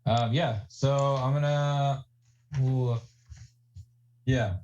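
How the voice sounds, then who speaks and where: A man's voice: medium pitch, fairly even intonation, extremely slow, a little mellow, lo-fi sound. A man playing in a tabletop game, chatting casually with lots of fillers. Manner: hesitant, filler-heavy. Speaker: player.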